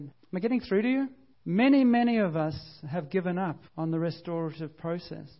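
A man with a fairly high voice preaches a sermon in church, talking conversationally and earnestly to his congregation. He presses his points with growing fervor. The recording is dull and lo-fi. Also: brisk. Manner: conversational, earnest, rising to fervent emphasis. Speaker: pastor.

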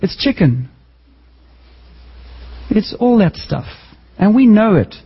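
A man preaching a sermon as a pastor, lively and joking, with sudden jumps in pitch for emphasis. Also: takes it slowly, husky, muffled recording.

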